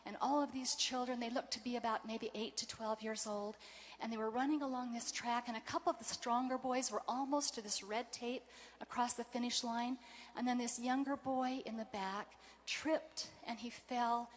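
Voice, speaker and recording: A woman's voice: a little high, steady tone, normal speed, slight background noise. Emotional woman telling stories on stage. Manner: storytelling, warm and emotional. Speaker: convention speaker. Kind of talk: motivational stage speech.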